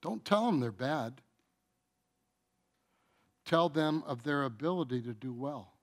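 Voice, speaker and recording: A middle-aged man preaching a sermon, stretching out his phrases and swinging between booming emphasis and hushed asides. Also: expressive, takes it slowly.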